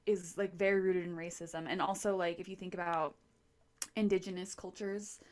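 A young adult woman co-hosting a podcast, talking in an animated, excitable way full of "like" fillers. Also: fairly low pitch, moderate pace. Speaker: podcast co-host. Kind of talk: casual podcast chat.

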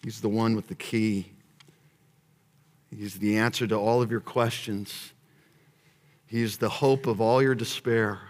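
Male pastor, sermon delivery, slow and measured, lots of repetition, big reverberant hall. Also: lowish voice, fairly even intonation. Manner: swings from hushed prayer to shouting emphasis; repeats phrases as he builds.

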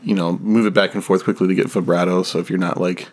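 A man's voice: low voice, little pitch movement, quick pace, darkish tone. A man appearing as a guest on a music podcast, explaining things in an easygoing way. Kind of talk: casual music discussion.

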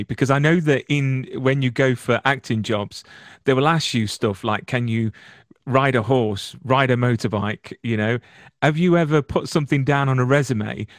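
A man hosting a casual interview, asking questions in an eager, quick way. His voice sits at an ordinary pitch, recorded close and dry with no room sound. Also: no echo. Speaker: interviewer, host.

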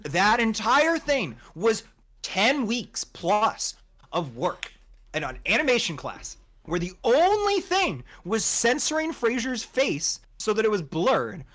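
A young man tells a long exasperated story to his co-hosts in a casual chat. His voice swings widely up and down and sits a little high, and he often acts out what other people said. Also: slow pace. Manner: animated, exasperated, swears a lot, acts out quotes. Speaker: podcast co-host telling a story.

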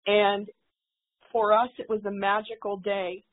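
A woman's voice: medium pitch, little pitch movement, unhurried. A woman being interviewed as a guest, speaking in a heartfelt, devout way. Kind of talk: casual interview talk. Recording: phone-like call audio.

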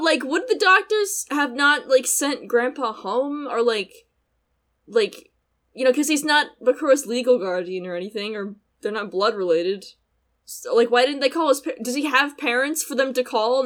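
A woman's voice: sits high, a bit bright. A woman co-hosting a podcast, chatting casually and laughing often, with many "like" fillers. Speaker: podcast co-host. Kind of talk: casual chat recapping an anime.

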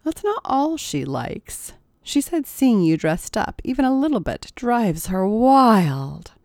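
A woman's voice: on the high side, sing-song, slow pace, darkish tone, no room sound, studio quality, voice pushed up, exaggerated voice. A woman voicing a mocking young woman who smirks and sighs theatrically in a storybook reading.

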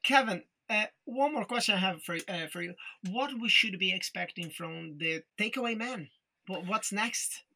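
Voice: medium pitch, normal speed, gravelly, sharp tone. A podcast host asking short questions in simple, uneven English. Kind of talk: interview questions.

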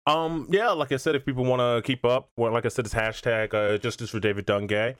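A man's voice: medium pitch, steady tone, fairly quick, fairly bright tone, clean tone, dry recording, studio quality. A man guesting on a podcast, telling a story in a loose, profane, laid-back way. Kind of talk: casual podcast chat. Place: in Australia now.

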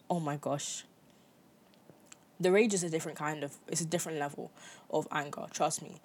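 A young woman with a slightly low-pitched voice hosts her own talk podcast. She delivers an impassioned, emphatic solo monologue and drives her points home by repeating them. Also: moderate pace, long pauses, husky. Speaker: podcast host. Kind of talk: opinion monologue.

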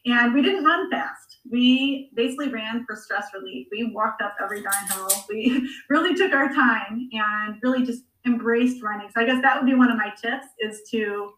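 A woman's voice: fairly high pitch, moderate pace, few pauses, recorded from a distance. Chatty woman in an echoey room. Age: 40s. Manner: chatty, animated storytelling with laughs. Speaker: guest, amateur marathon runner. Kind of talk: conversational podcast interview. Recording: echoey room, voice a bit off-mic.

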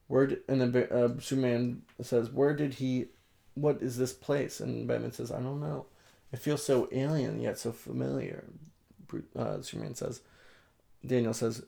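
A man co-hosting a casual chat, reading comic book dialogue aloud in a halting way with frequent restarts. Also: medium pitch, animated, creaky, dark tone. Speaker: podcast co-host.

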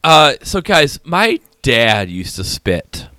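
Male podcast co-host, bright tone, dry mic, rambling anecdotal delivery. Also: medium pitch, sing-song, slow pace, no room sound. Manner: rambling storyteller, many "like" fillers. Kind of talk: casual chat.

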